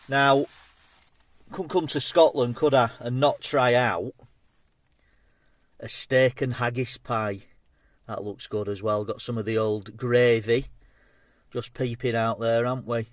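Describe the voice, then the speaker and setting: A man's voice: medium pitch, steady tone, slow, pauses often, no room sound. A man, chatting casually as he tastes and reviews food on his vlog. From England. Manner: chatty, matey, talks between bites. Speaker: food vlogger.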